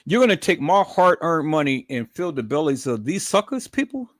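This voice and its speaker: A man's voice: fairly high pitch, very animated, moderate pace, no echo, studio quality. Furious profane middle-aged man ranting. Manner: profane, indignant, calls the audience "peoples"; repeats words when worked up, swings to loud outbursts. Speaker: livestream commentator. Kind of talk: angry ranting livestream commentary.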